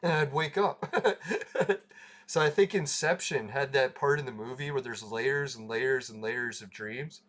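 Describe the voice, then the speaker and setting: A man's voice: mid-range voice, unhurried, a bit bright. A man hosting a casual livestream, telling a rambling story, laughing and swearing freely. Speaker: livestream host.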